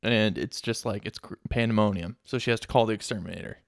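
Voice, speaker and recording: A man co-hosting a casual movie podcast, relaxed, filling in story details with hesitant restarts. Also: fairly low pitch, fast talker, vocal fry, no room sound, clean studio sound. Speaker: podcast co-host. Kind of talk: casual movie review chat.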